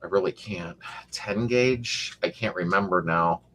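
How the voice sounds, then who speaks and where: A man's voice: low voice, a little slow, pushed and bright, slight background noise. Chatty joking middle-aged man host. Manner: rambling, joking, reads viewer comments aloud. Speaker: host of a car restoration channel live chat. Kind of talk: casual live-stream chat.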